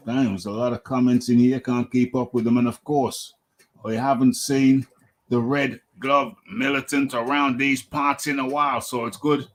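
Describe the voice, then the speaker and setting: Chatty male live-stream host. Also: medium pitch. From United Kingdom. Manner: chatty, reads out viewer names. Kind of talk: live-stream boxing talk show.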